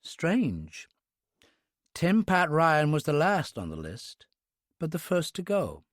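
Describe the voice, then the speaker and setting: A man voicing a grieving older aristocratic woman in an audiobook, quiet, low and determined. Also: huge pitch swings, slow, no room sound, clean studio sound, heavily acted. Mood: steely.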